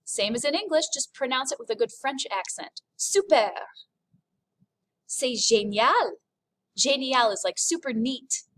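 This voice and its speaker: Slow, cheerful woman teaching French. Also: high-pitched, expressive, a bit bright. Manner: slow and clear, models French words, upbeat. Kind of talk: recorded classroom lesson.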